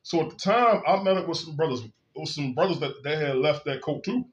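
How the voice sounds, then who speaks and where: A man's voice: on the high side, expressive, a little fast, muffled recording. Blunt, profane man with a raised voice. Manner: blunt and profane, emphatic storytelling. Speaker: vlogger. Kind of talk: candid personal monologue.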